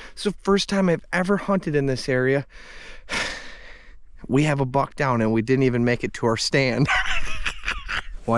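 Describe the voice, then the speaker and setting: A man's voice: medium pitch, no room sound, clean studio sound. A man from Michigan's Upper Peninsula narrating his own hunting vlog outdoors in a winter forest, earnest and upbeat, talking straight to the camera. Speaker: hunter and outdoor vlogger.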